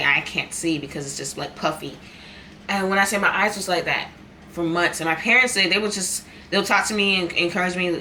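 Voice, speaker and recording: A woman's voice: lowish voice, pushed and bright, slight background noise. A young woman in a casual eating vlog, talking candidly and repeating herself for emphasis. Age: young adult. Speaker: vlogger. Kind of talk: casual chat while eating.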